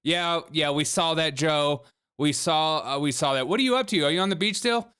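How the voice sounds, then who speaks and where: A man from South Carolina with a Southern accent, hosting a comedic news podcast with fast, sarcastic asides. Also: fairly high pitch, sharp tone, smooth. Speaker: podcast host.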